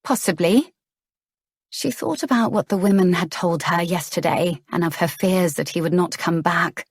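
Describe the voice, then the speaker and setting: Woman narrator, low voice, measured gentle storytelling, dry studio sound. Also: slightly rough, no echo. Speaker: audiobook narrator. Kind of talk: scripted romance narration.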